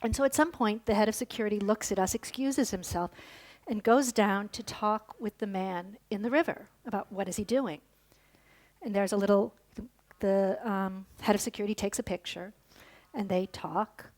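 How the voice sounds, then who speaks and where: A woman speaks at a conference podium in a mid-range voice, telling a story before unpacking its meaning. She explains things plainly and often pauses on fillers and restarts as she goes. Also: medium pitch, a little mellow. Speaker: lecturer. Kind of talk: conference lecture. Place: lecture hall.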